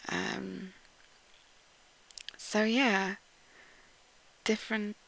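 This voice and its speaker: A woman with a posh English accent talks through a casual audio post at a very slow, drawn-out pace. Her voice carries a gravelly, creaky texture and often sinks into a breathy whisper. Giggles and ums break up her reading of word lists. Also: medium pitch, level tone, poor audio. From Yorkshire, England. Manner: often drops to a soft whisper.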